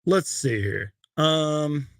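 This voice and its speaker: Young male fan host with a gravelly voice, live from his bedroom, bursts of excitement between rambling chat. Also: extremely slow, dry recording, studio quality. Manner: excitable, loud outbursts on highlights, then rambling. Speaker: sports fan show host. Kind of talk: live post-game fan stream. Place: bedroom at home.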